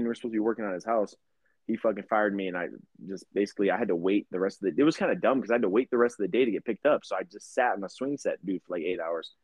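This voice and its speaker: A man's voice: on the low side, no echo, dull audio. Foul-mouthed young man telling stories. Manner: profane, rambling, animated storyteller. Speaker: podcast co-host. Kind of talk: casual storytelling chat.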